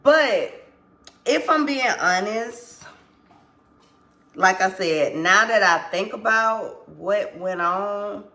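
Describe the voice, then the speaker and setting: A woman's voice: mid-range voice, slow, sharp tone. A woman vlogger telling a casual storytime to her viewers, candid and rambling, swearing freely and apologizing as she loses her thread.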